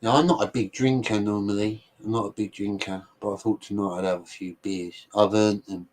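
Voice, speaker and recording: A man's voice: on the low side, fairly even intonation, a little fast, darkish tone, a little hiss or hum. English man in casual blokey chat. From England. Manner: rambling, self-deprecating, blokey. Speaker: livestream host.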